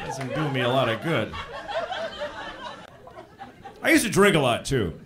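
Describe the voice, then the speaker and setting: Male stand-up, thirties, slightly high voice, dry self-mocking delivery, handheld mic in a live club. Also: brisk, background noise. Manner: deadpan, self-mocking, profane. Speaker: stand-up comedian. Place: comedy club stage with audience. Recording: live club recording with crowd laughter.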